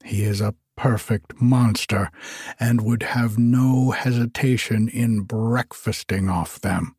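A prattling, complacent little pond frog from a storybook, voiced by a man. It chatters on in a breathy, half-whispered voice at an unhurried pace. The sound is close and dry. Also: lowish voice, fairly even intonation, darkish tone, no echo, full character voice. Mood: chatty.

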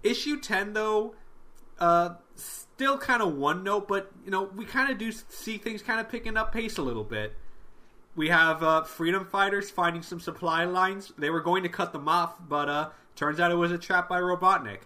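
A man's voice: high voice, normal speed. A man co-hosting a casual podcast, recapping comic issues and acting out the characters' lines with plenty of swearing. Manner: animated, acts out characters' lines with profanity. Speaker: podcast co-host.

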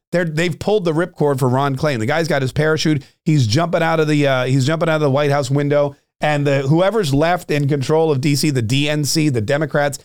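A man holds forth on his podcast in a sarcastic, animated rant. His voice sits a little high for a man. The sound is dry and close, with no room around it. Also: dry recording. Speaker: podcast host. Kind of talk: political commentary monologue.

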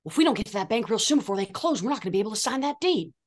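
A woman's voice: on the high side, big pitch swings, racing. A woman doing an impression of an earnest male actor who recites folksy western lines word for word. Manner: folksy drawl, sticks to script.

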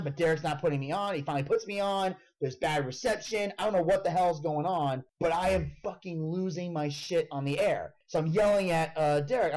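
A man hosting a casual podcast chat, telling a story in an animated way and swearing freely. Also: high voice, rough recording. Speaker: podcast host.

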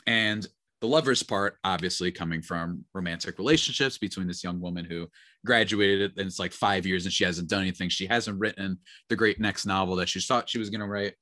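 A deep-voiced man talks a little fast, his tone pushed and bright, while co-hosting a podcast. The chat is casual and rambling, loaded with filler words. The recording is dry and clean, studio quality.

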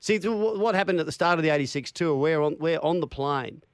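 An older Australian broadcaster talks in a relaxed, good-humoured way, telling old stories and chuckling often. His voice sits a touch high. The sound is dry and close to the mic. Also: fast talker, clean tone, dry recording. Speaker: broadcaster being farewelled. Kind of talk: casual banter.

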